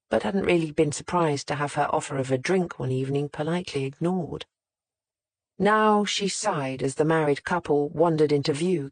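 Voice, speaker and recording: An audiobook narrator reading a mystery novel in a measured, even way, close to the mic. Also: mid-range voice, dry recording. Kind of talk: scripted narration.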